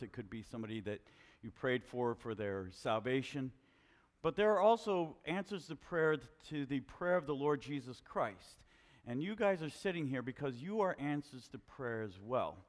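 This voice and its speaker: A man preaching a sermon to his congregation, questioning them in an animated way. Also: medium pitch, in a large hall. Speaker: pastor. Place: church hall with a congregation.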